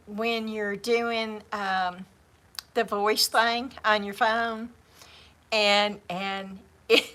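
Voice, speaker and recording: Casting: Southern woman livestream host, rambling chatty delivery, unhurried, bright forceful tone. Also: mid-range voice, steady tone. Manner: chatty, rambling, often repeats words and laughs. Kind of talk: casual chat. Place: home craft livestream.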